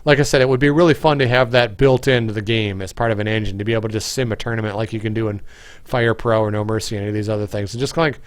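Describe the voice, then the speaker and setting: A man's voice: fairly low pitch, steady tone, rapid-fire, smooth, dry recording. A man hosting a casual livestream, answering viewer questions in a rambling way with many fillers and restarts, tired and yawning. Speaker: game developer hosting a livestream.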